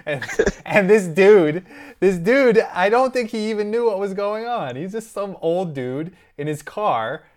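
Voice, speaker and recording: A man's voice: sits high, lively intonation, a little slow, a little mellow. A young man co-hosting a podcast, telling a story in casual chat and acting out other people's lines as he goes. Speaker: podcast co-host.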